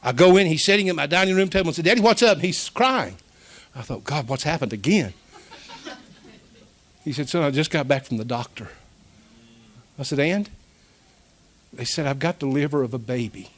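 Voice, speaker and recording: A man's voice: a little high, lively intonation, moderate pace, pauses often. A middle-aged man, preaching a folksy, emotional storytelling sermon as pastor.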